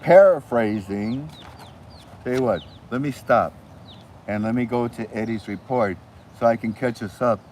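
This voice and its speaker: A man's voice: medium pitch, unhurried, darkish tone, slight background noise. A man hosting his channel, rambling casually with many restarts, recorded outdoors. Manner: rambling, restarts, chats to chickens. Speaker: channel host. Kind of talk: casual monologue to viewers. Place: outdoors with chickens.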